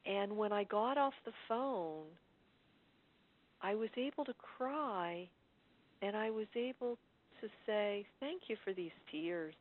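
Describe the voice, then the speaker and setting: A woman's voice: mid-range voice, animated, slow pace. A woman telling a personal story in casual conversation, chatty and laughing often as she talks. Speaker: caller sharing in a study group. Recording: phone-line audio.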